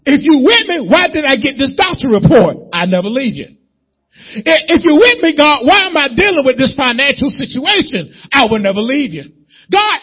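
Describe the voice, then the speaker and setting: Man pastor, husky, lively sermon delivery, muffled church recording. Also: high-pitched. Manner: preaching with rising shouts and dramatized prayers.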